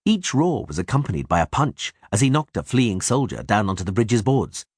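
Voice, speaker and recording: A man narrating an audiobook in a lively, dramatic reading style. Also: fairly low pitch, moderate pace, few pauses, husky, dry recording, studio quality. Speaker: audiobook reader.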